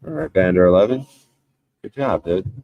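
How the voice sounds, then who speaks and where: A man's voice: low voice, expressive, moderate pace, creaky, narrow, tinny audio, a little hiss or hum. A man hosting a livestream, reading the chat aloud and arguing insistently, with plenty of swearing. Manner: argumentative, insistent, swears a lot. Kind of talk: casual profane livestream rant.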